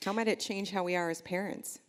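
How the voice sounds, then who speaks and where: A woman's voice: medium pitch, steady tone, brisk. A woman on a panel discussion who talks in a reflective, questioning way.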